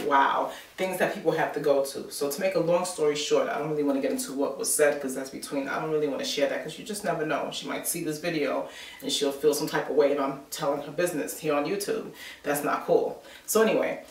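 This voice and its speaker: New lady vlogging, casual rambly chat, kinda far from the mic. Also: low-pitched. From New York. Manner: chatty storyteller, many filler words. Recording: roomy sound from a distant mic.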